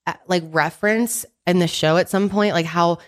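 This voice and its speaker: A woman's voice: lowish voice, fairly even intonation, normal speed. A woman co-hosting a casual gossip podcast, blunt and swearing freely, laughing at her own jokes. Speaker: podcast co-host.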